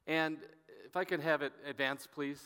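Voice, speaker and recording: A middle-aged man preaching as a pastor, telling a story in an earnest, halting way and often dropping to a hushed voice. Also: on the high side, fairly even intonation, clean tone. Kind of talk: sermon storytelling. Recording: long reverb from a hall.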